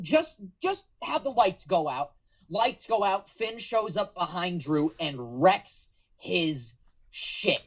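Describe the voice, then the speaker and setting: A man's voice: sits high, a bit bright, slightly rough. A man on a podcast, telling a long story with drama and acting out the lines of others, with some swearing. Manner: dramatic, acts out quotes, profane. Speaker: podcast guest. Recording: dull lo-fi podcast audio.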